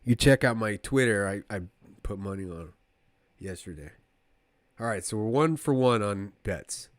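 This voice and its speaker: A man giving casual live play-by-play of a fight to his stream viewers, rambling and excitable like a fan, talking to the chat between calls. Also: fairly low pitch, normal speed, no room sound, clean studio sound.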